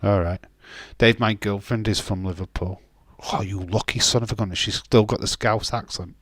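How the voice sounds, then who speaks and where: A man's voice: on the low side, fairly even intonation, normal speed, a bit bright, dry recording. A man, casually chatting on a live stream and bantering with chat comments, swearing now and then.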